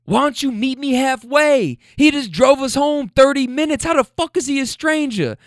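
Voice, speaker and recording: A man voicing an angry young man in a heated argument, loud and swearing with his voice raised. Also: very high voice, lively intonation, moderate pace, no echo, clean studio sound, voice pushed up. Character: angry young man yelling during a fight.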